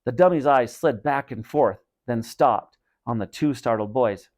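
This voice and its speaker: A man, a teacher, reading a storybook aloud with expressive narration. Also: medium pitch, a little slow.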